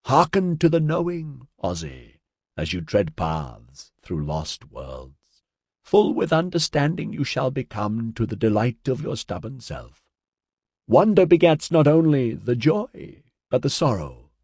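A man reading an audiobook, voicing an ancient, sad female alien who speaks in slow, lilting riddles. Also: medium pitch, huge pitch swings, a little mellow, no room sound, studio quality, full character voice. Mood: mournful. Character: ancient serene female alien singer, mournful.

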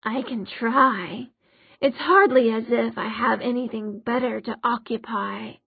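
A woman's voice: on the high side, a little slow, vocal fry, slightly rough, no room sound, exaggerated voice. A woman voicing a smug, pleasant male demon who drawls in a bored way. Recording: dry, phone-like narrow sound.

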